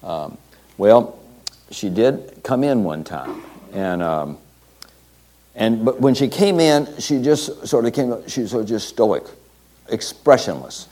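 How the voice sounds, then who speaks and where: A man preaching, retelling a pastor's story with scripture quotes, speaking haltingly with many fillers and restarts. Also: medium pitch, expressive, dark tone. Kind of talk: sermon storytelling.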